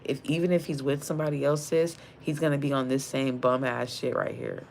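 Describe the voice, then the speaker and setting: A woman's voice: very deep voice, animated, a little fast, vocal fry, darkish tone, a little hiss or hum. A young woman giving a casual tarot reading, blunt and slangy with lots of profanity, calling the viewer sis. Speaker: tarot card reader.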